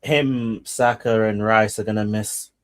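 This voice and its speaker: A man answers plainly on a live stream, matter-of-fact and calm. His voice sits fairly low. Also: unhurried. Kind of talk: casual live stream chat.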